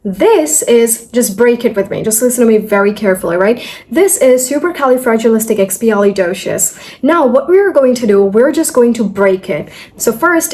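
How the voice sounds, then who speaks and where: A young woman teaching pronunciation in a video lesson, talking straight to viewers and repeating words slowly, syllable by syllable. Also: on the high side, expressive, warm tone.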